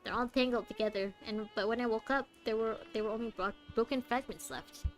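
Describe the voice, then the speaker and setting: Brief: streamer reading a wistful game girl, high, hushed, musing. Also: a little fast, soft background music, lightly acted.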